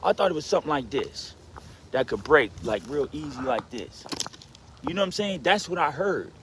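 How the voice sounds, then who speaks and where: Animated man telling a rambling story. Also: moderate pace, slight background noise. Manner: rambling, frequent "you know what I'm saying" and "right?" fillers; animated, swings from low mutters to excited outbursts. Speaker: vlogger telling a personal story. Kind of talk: casual storytelling monologue.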